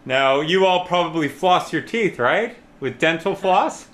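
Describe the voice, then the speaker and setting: A man's voice: fairly high pitch, expressive, a little slow, fairly bright tone. A man leading a laughter yoga class, giving playful step-by-step instructions and breaking into hearty laughs. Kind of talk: guided group laughter exercise.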